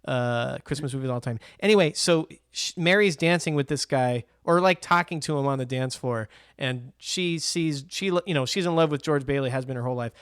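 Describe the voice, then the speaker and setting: A man's voice: mid-range voice, a little fast, hardly any pauses, clean tone, no room sound, studio quality. A man co-hosting a podcast, chatting casually and acting out movie scenes with lots of laughter. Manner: animated storyteller, acts out scenes, laughs often. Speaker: podcast co-host. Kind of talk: casual chat about movies.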